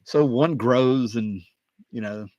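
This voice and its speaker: A man hosting his own video, talking casually and excitedly, wandering off on tangents with plenty of fillers. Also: mid-range voice, slow pace, no echo, lo-fi sound. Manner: excited, digressive, many fillers. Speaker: comic book collector and video host. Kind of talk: casual rambling talk.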